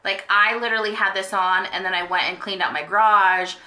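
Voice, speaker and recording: Young woman beauty vlogger, bright and gushing, chatty with lots of fillers, echoey home room. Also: medium pitch, steady tone, a little fast. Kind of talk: casual monthly favorites chat.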